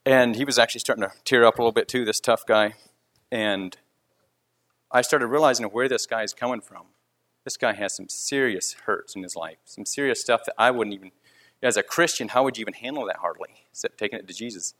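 Man, concrete crew leader, casual storytelling, earnest, rambling restarts, lowish voice. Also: brisk, a bit bright.

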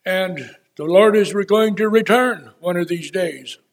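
A man in his eighties preaches an unscripted sermon from the pulpit in a high voice. He's folksy and rambling, with frequent pauses and filler words.

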